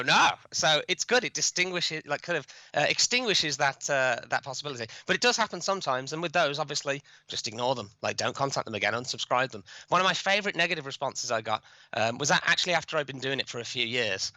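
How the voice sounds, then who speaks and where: A man being interviewed as a guest on a podcast, explaining his work in a quick, chatty way with many restarts. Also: mid-range voice, expressive, bright, forceful tone, dry recording, rough recording. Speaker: guest, cold outreach expert.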